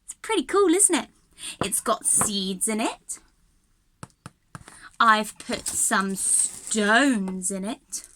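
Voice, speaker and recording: A woman's voice: medium pitch, sing-song, drawn-out words, long pauses, bright, forceful tone. A young woman leading a children's singalong and movement lesson, bubbly and encouraging, with a sing-song delivery and frequent laughs. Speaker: early years music and drama teacher.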